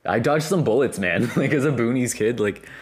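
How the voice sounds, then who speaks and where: A man's voice: medium pitch, expressive, moderate pace, over a noisy crowd. A man chatting on a podcast in a laid-back way, using "like" a lot. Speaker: podcast co-host. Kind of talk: casual chat.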